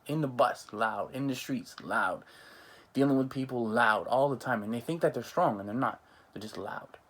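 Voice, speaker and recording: Animated male preacher with lively asides. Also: medium pitch. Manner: animated, mimics others in asides, frequent restarts. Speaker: Islamic preacher. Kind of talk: religious talk on parenting.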